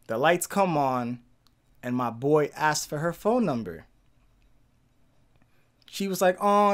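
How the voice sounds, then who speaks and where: A young man hosting a podcast, telling a story in a casual, slangy, excitable way and repeating himself for emphasis. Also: sits high. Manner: animated, slangy and excitable, with repetitions. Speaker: podcast host.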